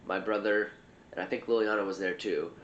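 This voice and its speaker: Young man, casual family chat, easygoing, lowish voice, dull and roomy sound. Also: steady tone, a little fast, a bit bright, slight background noise. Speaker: interviewee recalling childhood.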